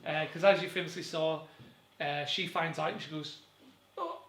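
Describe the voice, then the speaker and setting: A man's voice: fairly high pitch, steady tone, normal speed, a bit bright, roomy sound. A young man doing a rambling, self-deprecating stand-up set to camera from home, full of fillers and chuckles at his own jokes. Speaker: stand-up comedian.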